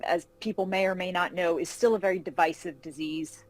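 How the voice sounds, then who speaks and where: Chatty woman author telling lively stories. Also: fairly low pitch, fairly quick, soft background music, poor audio. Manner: animated anecdotes, acts out quoted voices, laughs often. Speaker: fantasy novelist guest. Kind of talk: casual interview storytelling. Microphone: video call.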